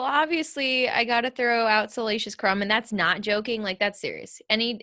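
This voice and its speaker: A woman with a bright, crisp voice chatting as a podcast guest. She is giggly and playful as she talks. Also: mid-range voice. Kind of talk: casual chat.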